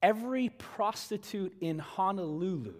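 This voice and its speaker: A male pastor preaching a sermon, telling a story with animated delivery that swings from hushed to loud and emphatic. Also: sits high, measured pace. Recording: reverberant church hall.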